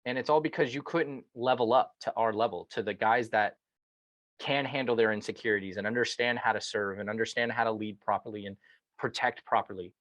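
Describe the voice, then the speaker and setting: Podcast host guy, lowish voice, dry sound, opinionated and emphatic. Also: steady tone, fairly quick, a bit bright, no room sound, dull audio. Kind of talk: casual podcast conversation.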